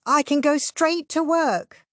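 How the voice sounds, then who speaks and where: A woman's voice: high voice, takes it slowly, dry recording, clean studio sound, voice pushed up. A woman voicing an earnest, easily flustered young man who speaks formally.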